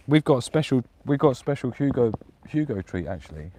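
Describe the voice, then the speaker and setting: A man's voice: medium pitch, big pitch swings, fairly quick, dark tone, slight background noise. A man live-streaming casual chat outdoors in the woods at night, laughing often and cooing at his dog. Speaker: prepper vlogger.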